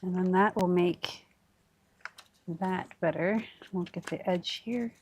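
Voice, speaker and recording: A woman's voice: on the low side, slow, slight background noise. Chatty woman narrating her crafting. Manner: chatty, talks to herself while working. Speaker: crafting livestream host. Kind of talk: casual crafting livestream chat.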